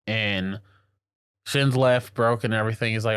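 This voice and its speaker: A man co-hosting a podcast, recapping a story in an excited, slangy way and acting out the characters' lines as he goes. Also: lowish voice, a little slow, clear, resonant tone, no echo, studio quality. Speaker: podcast co-host. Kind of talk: casual anime recap chat.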